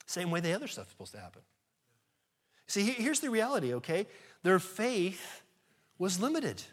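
Man, high voice, pastor, sermon, earnest conversational preaching. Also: wildly swooping pitch, moderate pace, long pauses. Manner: earnest, conversational preaching with sudden rises in volume.

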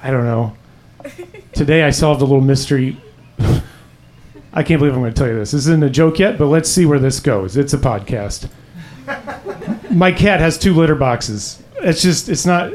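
A young man doing stand-up in a comedy club, his voice sitting a little high for a man. He talks in a loose, rambling way, swears freely and wanders off on tangents. His voice comes through a handheld stage mic. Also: darkish tone. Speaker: stand-up comic.

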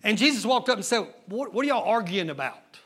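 A male pastor preaching a sermon, moving between quiet storytelling and shouted exhortation, with folksy grammar and questions to the congregation. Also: expressive, fairly quick, slightly rough. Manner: builds from low retelling to shouted exhortation.

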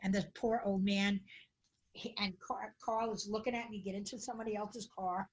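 A woman at a middle pitch chats casually, laughing at her own embarrassing stories. A faint hiss of noise sits under her voice. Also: fairly even intonation, normal speed, dull audio. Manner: laughing, self-mocking. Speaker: podcast co-host. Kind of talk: casual chat.

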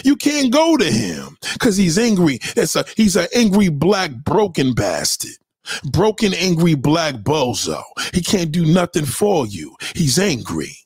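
A man with a high, husky voice holds forth on his livestream, preaching and picking fights. His pitch leaps up and down, and he swears constantly. The sound is dry, with no room around it. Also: big pitch swings, measured pace, no echo. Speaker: livestream host. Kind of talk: profane livestream rant.

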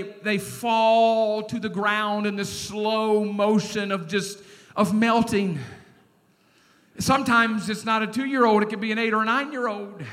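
A middle-aged male pastor with a high voice preaches a sermon in church, animated and urging the congregation to respond. The recording carries a long hall reverb.

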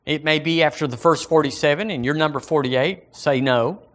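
Southern pastor preaching with dramatic scripture readings. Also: male voice, a little high, moderate pace. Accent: Southern American. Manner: reads scripture aloud in a lifted, dramatic voice between plain remarks; conversational, folksy asides with fillers. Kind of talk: sermon.

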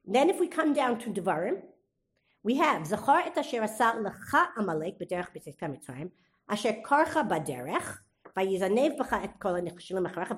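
A woman teaching a Torah class, reading Hebrew verses aloud and quizzing her students with questions she then answers. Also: fairly high pitch. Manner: reads Hebrew verses aloud between explanations.

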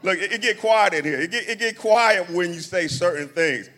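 A man's voice: high voice, normal speed, pushed and bright. A pastor preaching a sermon in a church, talking to his congregation in a folksy, conversational way, asking them questions and repeating phrases. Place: church sanctuary.

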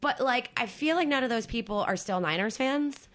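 Bright, animated woman chatting. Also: a little high, moderate pace. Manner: animated, profane, rambling with many fillers. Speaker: podcast co-host. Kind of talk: casual chat.

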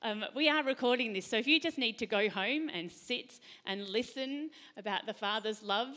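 A middle-aged woman hosts a faith talk panel in a chatty way and laughs easily. Her voice sits a little high and sounds very bright. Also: moderate pace. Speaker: host.

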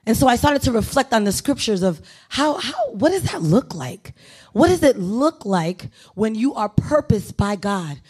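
A woman's voice: a little high, big pitch swings, normal speed, a little mellow, slightly rough. A woman pastor giving a sermon in a conversational, self-deprecating way, moving into urgent exhortation. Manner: conversational, self-deprecating preaching with playful asides.

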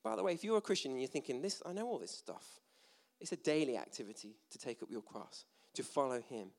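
A British preacher gives a sermon to a gathered audience in a church hall, chatty and self-deprecating with jokey asides. He speaks British English in a medium-pitched, animated voice, quickly, with vocal fry and a darkish tone.

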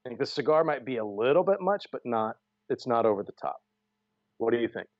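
A man hosting a casual podcast chat about a pairing, easygoing and quick to laugh. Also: mid-range voice, lively intonation, no echo, dull audio. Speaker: podcast host.

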